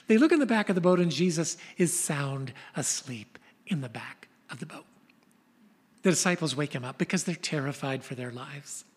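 An older man preaching a sermon, telling stories in an animated way and dropping to a whisper for emphasis. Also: high voice, slightly rough. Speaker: pastor. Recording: long reverb of a large hall.

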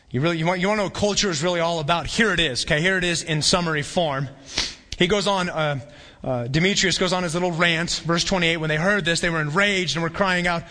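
A man preaching a sermon as pastor in a conversational, animated way, sometimes acting out the voices of a crowd. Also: on the high side. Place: church hall. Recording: long hall reverb.

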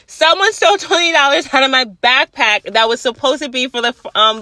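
Loud, outspoken young woman, casual solo podcast chat, bright tone. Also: fairly high pitch. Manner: blunt and chatty, swears freely. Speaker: podcast host. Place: at her workplace.

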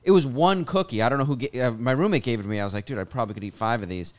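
A man's voice: mid-range voice, rapid-fire. A man chatting casually, telling an offhand anecdote. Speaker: comedian. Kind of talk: casual chat.

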